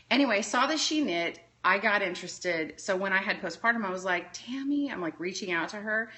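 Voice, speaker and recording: Texas lady rambling thru a story on a phone livestream, bright and punchy. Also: mid-range voice, lively intonation, fairly quick. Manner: rambling, tangent-prone storytelling. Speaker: interview guest. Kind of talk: casual chat.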